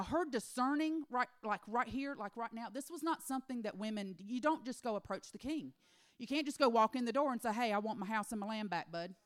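A woman preaching a sermon, retelling a Bible story with animated voices for the characters and hushed, near-whispered emphasis. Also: a little high. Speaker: women's ministry speaker.

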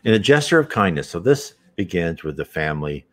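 A man's voice: low voice, sing-song, brisk. A man hosting an unscripted spiritual talk, earnest and rambling, with frequent restarts and asides.

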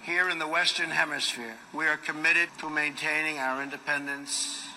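A man giving a measured, formal prepared speech at an assembly. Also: on the high side, fairly even intonation, bright, forceful tone, a little hiss or hum. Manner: measured, declarative. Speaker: speaker at an assembly. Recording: reverberant hall with faint ambience.

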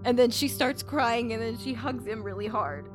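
A woman's voice: fairly high pitch, moderate pace, over music. A woman narrating her character in a tabletop game, hesitant, with many fillers. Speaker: player.

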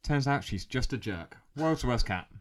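A man on a comedy podcast reading out a news story in a plain, steady way. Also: medium pitch, normal speed. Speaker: podcast panellist. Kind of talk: casual banter.

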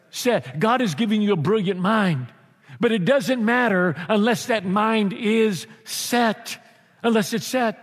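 A pastor preaching a sermon in an animated, humorous way, acting out voices. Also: male voice, high-pitched. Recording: church hall with long reverb.

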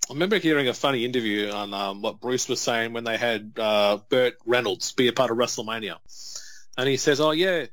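A man's voice: medium pitch, a bit bright, no room sound. A man, co-hosting a casual wrestling watch-along and telling anecdotes with acted-out quotes. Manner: storytelling, quick laughs, acts out quotes. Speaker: podcast co-host.

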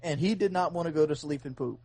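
A man's voice: on the high side, quick pace, darkish tone, husky, no room sound. A man hosting a casual podcast chat, telling a long earnest story with many restarts.

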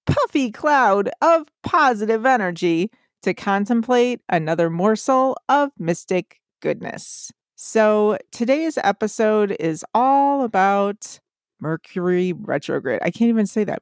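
A woman's voice: medium pitch, animated, a little slow, few pauses, dry recording, studio quality. A young adult woman hosting a podcast in casual chat, playful and giggly, often tripping over her words. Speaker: podcast host.

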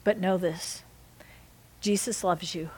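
A woman pastor preaching a sermon, swinging between loud exhortation and soft, intimate lines. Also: fairly low pitch, steady tone, slow pace, husky.

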